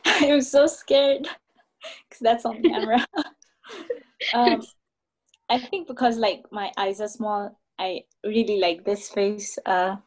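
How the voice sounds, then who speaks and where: A woman's voice: a little high, steady tone, takes it slowly, pauses often. A woman chatting casually as a workshop participant on a video call, shy and giggly with many fillers.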